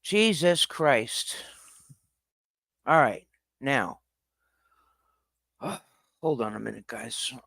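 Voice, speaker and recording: A man's voice: mid-range voice, animated, extremely slow, creaky, pauses often, fairly bright tone, no echo, clean studio sound. A man hosting a livestream, confronting people in a heated, profane rant. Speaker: livestream host.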